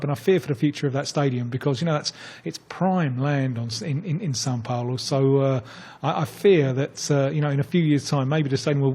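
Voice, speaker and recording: A man's voice: mid-range voice, warm tone, slightly rough. A man talking as a football pundit on a radio phone-in, telling a story in a hesitant way and often repeating his words.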